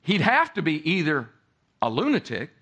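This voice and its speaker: An older man preaching a sermon as pastor, emphatic, swinging between loud peaks and quiet low drops. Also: huge pitch swings, moderate pace.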